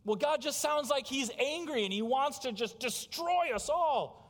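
A man's voice: extremely high pitch, animated, measured pace, a bit bright. A man, preaching a sermon as pastor, talking emphatically and putting direct questions to his congregation. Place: church sanctuary. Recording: long hall reverb in a church.

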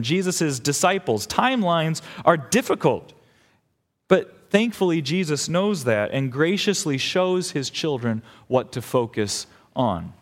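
A young adult man preaching a sermon as pastor, earnest and emphatic, building in intensity. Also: fairly high pitch. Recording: long hall reverb.

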